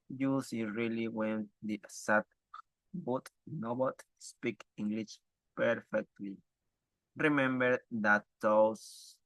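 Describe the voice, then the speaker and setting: Man reading aloud for an exam; slow, halting delivery, lowish voice, dry close sound. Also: a bit bright, no room sound, highs cut off. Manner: halting, stumbling reading with restarts.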